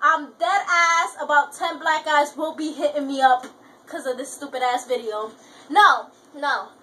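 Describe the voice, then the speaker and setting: A young woman chatting casually with friends on camera, loud and crude, joking and laughing. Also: high voice, steady tone, measured pace. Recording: home video, distant mic, faint room noise.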